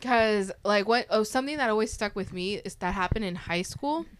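A woman's voice: mid-range voice, fairly quick, clear, resonant tone. A young woman in casual chat, frank and emphatic, swearing casually.

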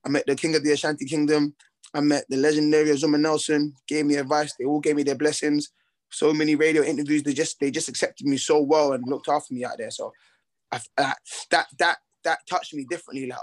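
Confident young boxer, casual. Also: male voice, on the high side, fast talker. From Britain, with Ghanaian heritage. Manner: relaxed, confident, rambling with slang and restarts. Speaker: boxer, interview guest. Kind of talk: casual interview chat.

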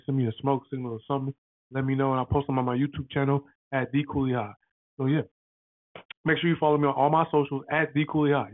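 Excitable, rambling man on a tinny line. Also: medium pitch, no room sound. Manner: rambling, excitable, slangy, lots of fillers. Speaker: podcast host. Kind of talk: casual podcast chat. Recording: dry, tinny phone-like sound.

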